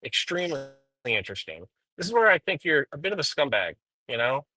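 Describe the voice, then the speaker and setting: A man's voice: on the high side, big pitch swings, fast, bright, forceful tone, no room sound, poor audio. A man streaming live while driving, rambling through profane drama commentary with frequent ums. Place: inside a car.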